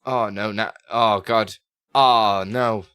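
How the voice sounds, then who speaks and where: A man live-streaming, casually chatting with his viewers, reading their messages aloud and muttering to himself as he works through software settings. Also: lowish voice, fairly even intonation, takes it slowly, clean tone, no echo, clean studio sound. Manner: chatty, reads chat aloud and mutters while fiddling with software. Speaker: live streamer answering chat questions.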